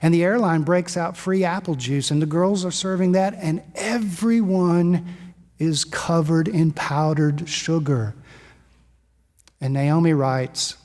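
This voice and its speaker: A male pastor preaching in a conversational storytelling manner. His voice sits a bit high for a man, and a long church reverb trails each phrase in the sanctuary. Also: steady tone, slow, darkish tone. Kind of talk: sermon.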